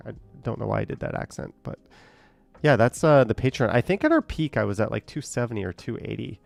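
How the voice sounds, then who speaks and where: A man's voice: medium pitch, expressive, a little fast, vocal fry, no echo. A man casually chatting on a live stream, reading out viewer comments and rambling with a hesitant, trailing-off manner.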